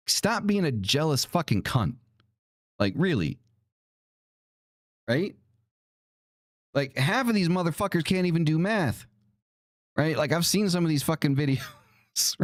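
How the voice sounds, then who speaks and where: A man's voice: a little high, no room sound, clean studio sound. A male podcast host in a casual monologue, ranting and swearing, with lots of "right?" and "like" fillers. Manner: profane, ranting, heated.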